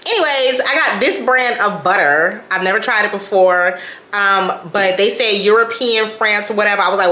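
A young woman chatting casually in a haul vlog, rambling and animated, breaking into laughter and using slang like "child" and "y'all". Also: mid-range voice, normal speed, reverberant. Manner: colloquial, says "child" and "y'all". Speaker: lifestyle vlogger.

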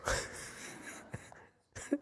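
A man's voice: drawn-out words, a bit bright, in a large hall. A man giving a casual Buddhist dharma lecture, joking and teasing his listeners between points. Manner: joking, teasing the audience, chuckling.

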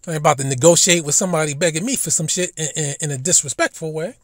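A man's voice: on the high side, quick pace, no echo. A man telling stories in a casual, rambling monologue, blunt and profane, often stumbling over and repeating his words as a commentary host.

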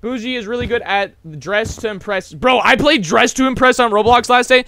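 A young man streaming a game, joking with chat and breaking into loud yelling bursts. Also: extremely high pitch, a little fast, creaky, few pauses, no room sound. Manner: hyper, jokey, bursts of yelling. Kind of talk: live game streaming commentary.

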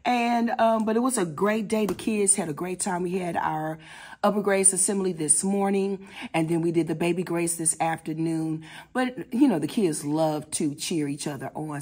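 A middle-aged woman teacher and mom chatting casually to her viewers in an expressive, talkative way. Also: fairly low pitch, slightly rough. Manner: chatty and expressive, addresses viewers warmly as "baby" and "y'all". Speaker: elementary school teacher and mom. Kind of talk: casual vlog chat.

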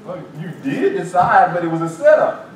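A man, a pastor, leading a Bible study and teaching in an animated, lively way with acted-out asides. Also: high voice, normal speed. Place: church sanctuary. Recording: echoey room, distant mic, faint hiss.

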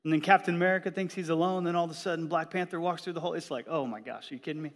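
A middle-aged man, a pastor, preaching a sermon in a church with a lively, joking storytelling manner. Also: on the high side, very fast.

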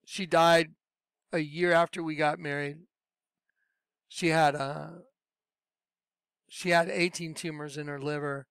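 A man's voice: level tone, slow, vocal fry, pauses often, smooth, no room sound. A middle-aged man preaching and telling a personal testimony in an earnest, conversational way. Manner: earnest, conversational, drops to soft low voice when recalling.

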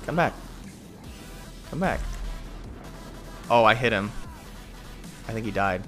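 A man's voice: fairly low pitch, expressive, slow, a bit bright, soft background music. A young man telling a rambling story in a laid-back, casual way, full of "like" and "uh", while playing a game. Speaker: gaming video host. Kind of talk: casual gameplay commentary and storytime.

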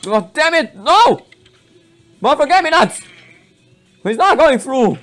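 A man doing a shrill excitable orange hero. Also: normal speed, faint music behind, heavily acted. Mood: boastful. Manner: shrill, triumphant yelling. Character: excitable orange hero, young male, boastful.

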